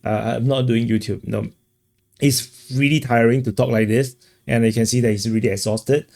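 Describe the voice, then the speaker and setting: A man hosting a casual commentary, talking in a halting way with many fillers and restarts. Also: mid-range voice, steady tone, vocal fry, mellow. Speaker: commentator host.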